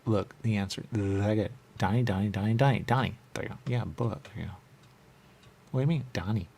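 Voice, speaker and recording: A man's voice: lowish voice, quick pace, vocal fry, a little mellow, a little hiss or hum. A man hosting a radio talk show, bantering in a rambling, playful way full of repeated wordplay. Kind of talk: loose comedic studio banter. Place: radio studio.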